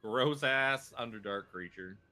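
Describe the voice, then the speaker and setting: A man's voice: medium pitch, a little slow, sharp tone, soft background music. A man narrating as game master, rambling loosely with frequent ums and chuckles.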